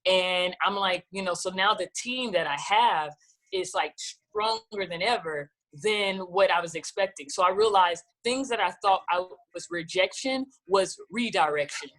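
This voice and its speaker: Woman guest singer, lively storyteller who slips into voices when quoting people. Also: mid-range voice, measured pace. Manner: animated, acts out quoted dialogue. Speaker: gospel singer-songwriter guest. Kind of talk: casual storytelling interview.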